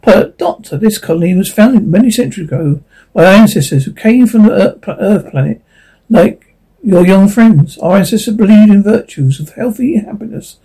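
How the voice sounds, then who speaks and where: A smooth, ingratiating colony official, read by a man with a high, husky voice. He stays courteous and reassuring throughout. The tone is mellow and dark. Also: animated, normal speed, full character voice, low-quality recording. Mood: soothing. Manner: polite, soothing.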